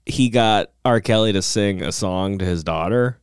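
A man's voice: lowish voice, moderate pace, clean tone, no room sound, studio quality. A man hosting a casual comedy chat, laughing often and riffing in silly voices. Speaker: podcast host.

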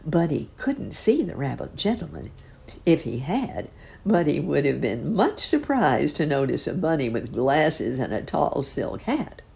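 Casting: a woman narrating a children's story, low and mellow with a lilting delivery. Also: big pitch swings, a little slow, gravelly.

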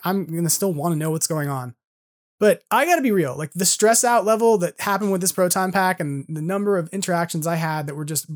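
A man in his forties hosting a podcast, delivering an earnest, frustrated solo monologue full of casual fillers. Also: on the high side. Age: 40s. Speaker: podcast host.

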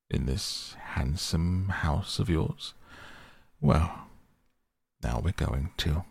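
A man with a deep, gravelly voice voicing a stern, solemn old male badger in a storybook reading, grave, firm and measured. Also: darkish tone, dry recording, full character voice.

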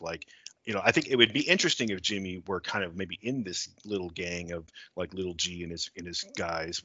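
A man's voice: deep voice, bright, forceful tone, no echo, highs cut off. A man in his forties co-hosting a casual film podcast, rambling with lots of fillers and casual swearing. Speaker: podcast co-host.

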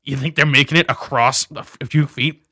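A young man co-hosting a casual podcast chat, animated and exasperated, who swears freely and stutters. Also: medium pitch, a little fast, no room sound, studio quality. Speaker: podcast co-host.

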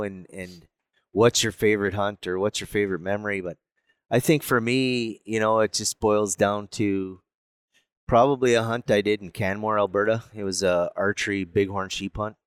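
Man, reflective conversational tone, frequent fillers, smooth resonant voice, dry recording. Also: on the low side, steady tone, moderate pace, no room sound. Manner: reflective, with many fillers like "you know" and "um". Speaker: hunter on a hunting podcast. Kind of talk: casual conversation.

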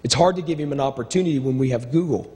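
A middle-aged man preaching from the pulpit, his voice sitting in an ordinary middle register. He stacks up insistent repeated phrases, then drops low for quiet asides. The sound rings out with the long reverb of a big church hall. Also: rapid-fire. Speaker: pastor. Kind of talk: sermon.

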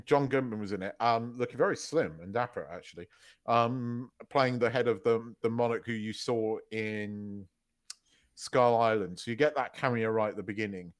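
A man with a mid-range voice talks at a normal speed as co-host of a podcast. In casual chat, he tells stories animatedly, swearing freely and laughing loudly partway through.

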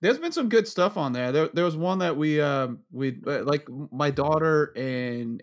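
A man chatting casually on a podcast, rambling and swearing, often laughing as he tells stories. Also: medium pitch. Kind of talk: casual chat.

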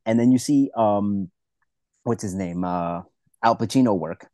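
A man co-hosting a podcast, chatting casually about a film, relaxed and profane, acting out quotes in funny voices. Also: on the low side, measured pace, dry recording. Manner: laid-back, swearing, acts out quotes in funny voices. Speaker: podcast co-host.

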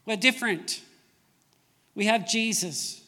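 A man's voice: high voice, slow pace, pushed and bright, long reverb tail. A man preaching a sermon as a pastor, pressing his points with emphatic, rising delivery.

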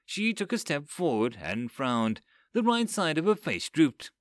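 A man narrating a dark fantasy story with an expressive, dramatic delivery. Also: a little high, a little slow, no echo, clean studio sound.

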